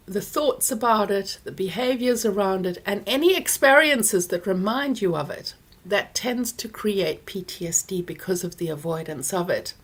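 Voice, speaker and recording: A woman therapist answers viewer questions in a live online session. She speaks close to the mic in a calm, explanatory way, at a mid pitch, with plenty of fillers and restarts. A throat lozenge sits in her mouth as she talks. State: talking around a throat lozenge. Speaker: therapist hosting a Q&A. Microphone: close mic near her ears.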